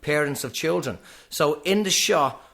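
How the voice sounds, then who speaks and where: A middle-aged man with a Dublin Irish accent, chatting as a comedian guest on a podcast in a quick, clipped, animated storytelling way. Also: fairly high pitch, creaky. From Ireland. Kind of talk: casual podcast chat.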